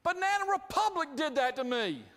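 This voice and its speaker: A man giving an inspirational talk, telling a humorous story with lively, acted-out dialogue to a live audience. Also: very high voice, brisk, slight background noise. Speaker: inspirational speaker. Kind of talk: storytelling keynote speech. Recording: hall reverb.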